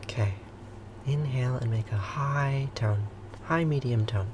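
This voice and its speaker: Soft-spoken person doing slow breath cues on a morning stream, mid pitch, faint background hum. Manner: slow, soft-spoken guidance, greeting viewers by name. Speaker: livestream host leading a morning practice. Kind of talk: guided breathing and toning instruction.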